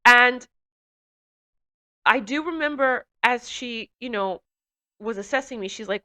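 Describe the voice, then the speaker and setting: A woman telling a personal testimony in an earnest, halting way, with fillers and restarts, growing emotional as she recounts it. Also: fairly high pitch, sharp tone. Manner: grows emotional while recounting. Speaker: speaker giving a testimony.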